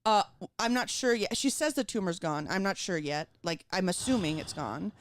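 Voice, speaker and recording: A woman's voice: mid-range voice, lively intonation, moderate pace, no echo. A young adult woman guest on a talk show, telling a story with lots of "like" fillers. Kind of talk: casual chat, storytelling.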